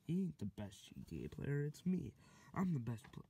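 A man's voice: medium pitch, huge pitch swings, moderate pace, vocal fry, dark tone, a little hiss or hum, poor audio. A man voicing a cocky male turtle gamer who brags and trash-talks nonstop, in a puppet comedy skit. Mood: boastful. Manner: bragging, trash-talking.

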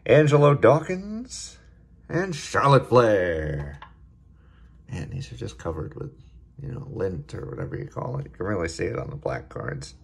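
A man hosting a casual card-opening video, chatting in a relaxed way and getting excited over good pulls. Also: deep voice, a little slow, vocal fry, breathy edge. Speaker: card-opening channel host.

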